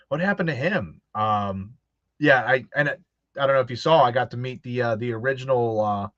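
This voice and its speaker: Animated man hosting, dull dry sound. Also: mid-range voice, moderate pace, no room sound. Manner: animated storyteller acting out quoted voices, laughs often. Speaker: host. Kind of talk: casual chat.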